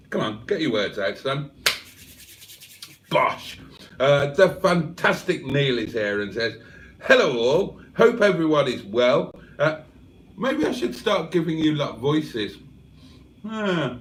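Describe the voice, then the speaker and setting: A man's voice: on the high side, sing-song, slow pace, recorded from a distance, slight background noise. A man from England hosting a casual livestream, reading the chat aloud with cheeky banter. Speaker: livestream host.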